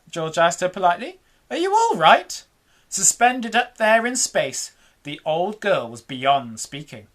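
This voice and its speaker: A woman reads a children's storybook aloud in a slow, unhurried way. Her voice is bright and clear, with animated swings in tone, and it sits on the low side for a woman. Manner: animated, dramatic storybook reading. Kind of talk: reading a children's book aloud.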